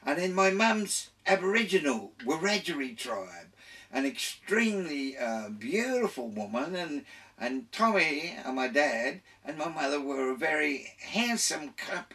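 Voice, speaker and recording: Older Australian man, gravelly and bright. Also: fairly high pitch, far from the mic. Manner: storytelling with restarts and laughter. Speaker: guest on a radio programme. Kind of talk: rambling life-story talk.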